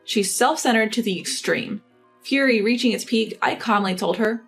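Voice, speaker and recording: Fairly high-voiced woman narrating a story. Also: fairly bright tone. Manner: measured, matter-of-fact storytelling. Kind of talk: first-person story narration. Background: faint music.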